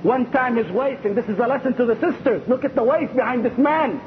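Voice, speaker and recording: Impassioned high-voiced preacher. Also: male voice, a little fast. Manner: impassioned, asks the audience rhetorical questions. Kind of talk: sermon lecture. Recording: dull lo-fi lecture recording with faint rumble.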